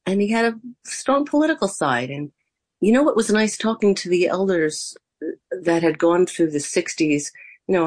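An older American woman, a guest in an interview, telling stories with lively acted-out quotes. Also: low-pitched. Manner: animated anecdotes with acted-out quotes. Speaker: interview guest, former theme park performer and interviewer. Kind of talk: storytelling in a conversational interview.

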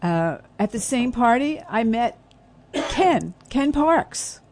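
A woman's voice: on the high side, sing-song, slow, a little mellow, a little hiss or hum. A chatty woman telling stories in a casual radio conversation. She laughs easily and talks in a friendly, rambling way. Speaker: radio show host, guest. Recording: broadcast radio studio.

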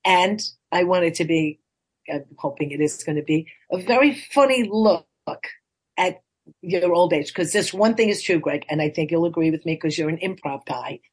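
A woman in her sixties, a life coach and author, chatting in an interview and telling stories with lively acted-out quotes. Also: fairly low pitch, normal speed, husky. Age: 60s. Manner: chatty, animated storytelling, acts out quoted voices. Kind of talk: casual interview chat.

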